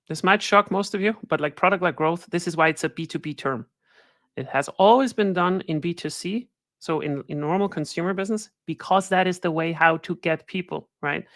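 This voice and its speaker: A woman with a lowish voice delivers a conversational webinar presentation as guest speaker, frequently adding the tag question "right?" to check in with listeners. The recording is dry and studio quality.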